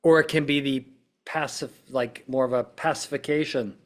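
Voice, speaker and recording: Male podcast host, mid-pitched, casual explainer who checks in with the listener after each point. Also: fairly even intonation, moderate pace. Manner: conversational, peppers points with "right?" and "okay?"; acts out quoted speech in short bursts. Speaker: podcast host, witness-prep consultant.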